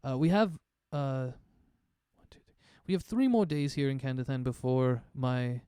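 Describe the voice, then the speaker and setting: A man playing a tabletop game over voice chat, talking in a relaxed, rambling way with many fillers. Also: medium pitch, normal speed, smooth, no echo, clean studio sound. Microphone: online voice chat mic.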